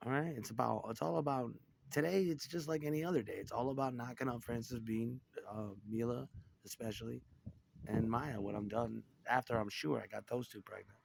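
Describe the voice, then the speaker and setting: Middle-aged man, mid-pitched, swears freely, wanders between tangents, faint background hum. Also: fairly quick, creaky. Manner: profane, rambling, jumps between topics. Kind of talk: rambling monologue.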